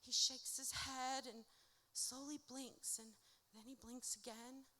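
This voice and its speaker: A woman performing her own spoken-word poetry at a live event, with a rhythmic, dramatic delivery that swings from hushed to loud. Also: high voice, level tone, slow. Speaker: author reading her own work. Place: indoor music venue at a live event. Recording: reverberant live venue recording.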